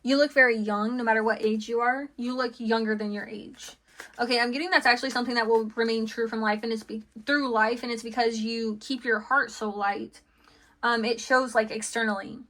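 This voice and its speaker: A woman's voice: a little high, fairly even intonation, brisk, a bit bright. A woman giving a casual tarot reading, rambling and chatty with lots of fillers and restarts, laughing between thoughts. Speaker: tarot reader.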